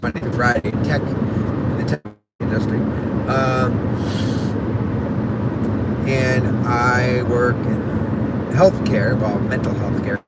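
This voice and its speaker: A man in his forties talks while he drives, rambling from one thought to the next and swearing freely. His voice sits in a mid range. Loud road noise from the moving car runs under everything. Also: medium pitch, little pitch movement, slow, long pauses. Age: 40s. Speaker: vlogger. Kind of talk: casual live-stream chat. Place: in a car while driving on a highway.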